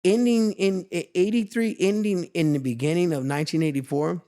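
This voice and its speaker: A man in his fifties from Los Angeles sits as the guest in a relaxed interview and spins stories with lots of energy. His voice sits a little higher than most men's. He slips into the voices of the people in his tales as he goes. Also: a little fast. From Los Angeles, USA. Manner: lively, acts out other people's lines in his stories. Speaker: guest, veteran street dancer. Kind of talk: animated storytelling in a casual interview.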